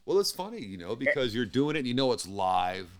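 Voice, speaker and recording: A man's voice: mid-range voice, big pitch swings, a little fast. A man hosting a podcast and chatting casually, swearing freely and laughing often as he tells stories. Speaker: podcast host and radio DJ. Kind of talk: casual chat.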